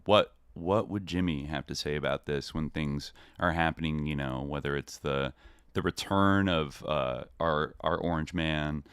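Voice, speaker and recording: Deep, smooth-voiced man co-hosting a livestream. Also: a bit bright, no room sound, clean studio sound. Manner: halting, full of ums and restarts, jokey. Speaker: podcast co-host. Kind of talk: casual livestream chat.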